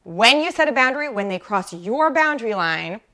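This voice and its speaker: Her voice is on the high side, pushed and bright, with big swings in pitch at an ordinary speed. She's a mom life coach running a live show, chatting with mothers, using plenty of "like," repeatedly asking "right?" and calling out viewers by name.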